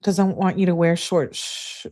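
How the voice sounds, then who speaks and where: A woman hosting a true-crime channel, reading a couple's text messages aloud in a casual way and breaking off for quick remarks of her own. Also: fairly low pitch, level tone, mellow. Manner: reads texts aloud, breaks off with quick asides. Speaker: host reading case evidence.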